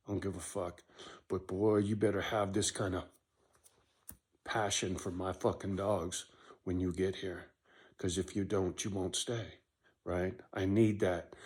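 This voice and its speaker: A man talking straight to camera in a casual, emotional monologue, blunt and profane, and he keeps checking in with "right?". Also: sits low. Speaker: vlogger running a dog rescue.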